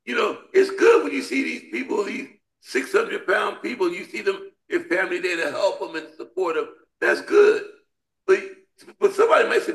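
A man's voice: high voice, big pitch swings, normal speed, vocal fry. A man leading a Bible study discussion, preaching with an emphatic, repetitive call-and-response cadence. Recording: roomy echo.

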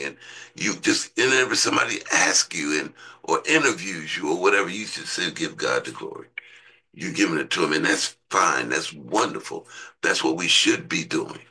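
A man's voice: normal speed, slightly rough, poor audio. A man preaching a sermon in a conversational way, asking his listeners rhetorical questions. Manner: conversational, asks the congregation rhetorical questions, voice jumps high when excited.

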